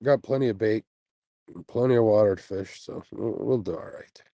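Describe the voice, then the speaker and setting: Laid-back man on a mellow stream. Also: lowish voice, moderate pace, creaky, dry recording, low-quality recording. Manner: laid-back, chatty, with frequent fillers and little laughs. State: sleepy, yawning after a night without sleep. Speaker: host of a fishing channel, livestreaming. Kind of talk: casual livestream chat, reading viewer comments. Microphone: earbuds mic on a phone stream.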